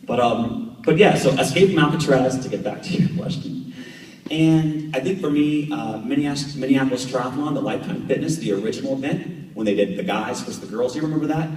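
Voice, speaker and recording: An American man in his thirties tells animated stories to a club audience and acts out whole conversations. His voice sounds distant, as if picked up from the back of a room. It carries a long, roomy echo. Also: mid-range voice, a little fast. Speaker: guest speaker, professional triathlete. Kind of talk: storytelling talk to a club audience. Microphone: camera at the back of the room. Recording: echoey hall from far off.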